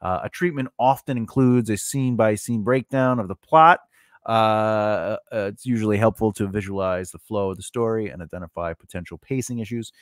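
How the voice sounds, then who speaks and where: A man's voice: on the low side, moderate pace, no room sound, studio quality. A man hosting a screenwriting channel, talking casually through his writing steps with asides and filler words. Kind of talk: casual teaching monologue.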